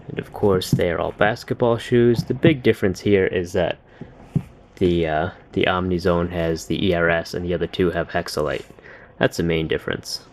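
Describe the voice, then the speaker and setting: A man's voice: deep voice, moderate pace, a little hiss or hum. A man giving a casual sneaker review at home, thinking aloud with lots of uh and um. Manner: relaxed, thinking aloud with many fillers.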